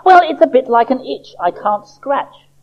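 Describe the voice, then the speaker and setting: A preacher voicing a restless young male seed in a storybook tale, excitable and pleading. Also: sits high, unhurried, pitched above the performer's own voice. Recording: dull lo-fi recording.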